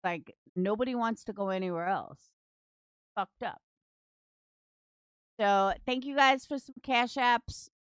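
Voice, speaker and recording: A woman's voice: mid-range voice, slow pace, pauses often, clean tone, dry recording. A woman doing casual livestream commentary from home, blunt, profane and sarcastic toward her targets. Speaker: true crime commentary streamer.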